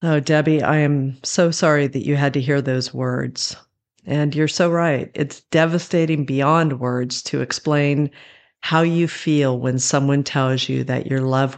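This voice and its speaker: A man hosting an interview, speaking in a gentle, sympathetic, measured way. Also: medium pitch, fairly even intonation, creaky. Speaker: podcast host.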